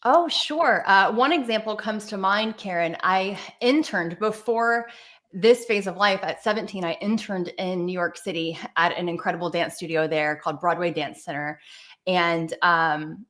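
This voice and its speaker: A young woman with a Southern American accent, telling stories as a guest on a video-call interview, animated and quick to laugh, with restarts. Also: lowish voice. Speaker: guest speaker, dance teacher. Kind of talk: conversational interview storytelling. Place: virtual event, video call. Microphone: video call microphone.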